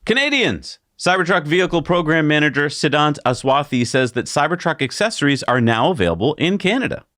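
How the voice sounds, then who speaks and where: A man's voice: fairly high pitch, expressive, a little fast, a bit bright. A man hosting a news show, presenting stories and chatting with a co-host in a punchy, emphatic way.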